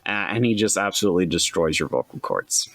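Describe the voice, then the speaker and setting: A man co-hosting a casual tabletop gaming podcast, rambling through explanations with many pauses. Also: low-pitched, expressive, creaky, a bit bright, husky, dry recording. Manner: rambling, hesitant, many fillers. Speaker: podcast co-host.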